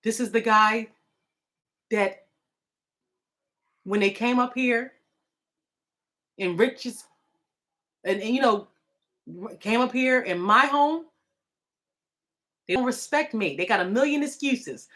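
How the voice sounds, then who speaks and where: A woman with a somewhat high voice talks in a casual, rambling way. She sounds indignant and emotional, with plenty of restarts along the way. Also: slow pace, long pauses, fairly bright tone. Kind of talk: casual live video talk.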